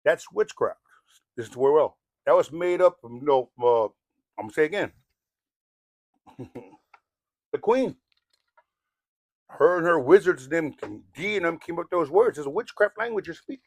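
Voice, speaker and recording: Here a man from Southern California, his accent tinged with Samoan, rants in a fairly high, animated voice at a moderate pace, pausing often. The monologue is rambling, preachy, blunt and profane, peppered with "you know what I mean", captured in studio quality with no echo.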